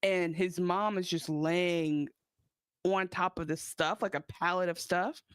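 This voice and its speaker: A woman's voice: fairly low pitch, measured pace, smooth, dry recording. A woman co-hosting a casual TV recap podcast, chatting and acting out characters' lines. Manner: animated, acts out characters' lines. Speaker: podcast co-host.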